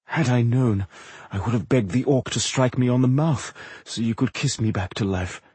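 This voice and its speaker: A man's voice: medium pitch, moderate pace, warm tone, slightly rough, dry recording. A man voicing a wounded, theatrical male actor who speaks in a florid, gallant way, pained and gasping. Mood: flirtatious.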